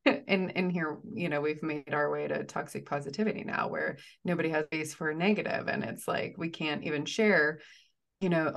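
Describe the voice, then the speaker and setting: A woman appears as a therapist guest in a podcast interview, speaking thoughtfully and measuredly while often restarting her sentences. Her voice is low, with vocal fry.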